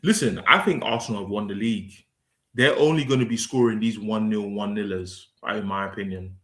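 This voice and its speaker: A man's voice: lowish voice, brisk, a bit bright. A man, co-hosting a football podcast with teasing, joking banter. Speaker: podcast co-host. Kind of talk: casual football chat.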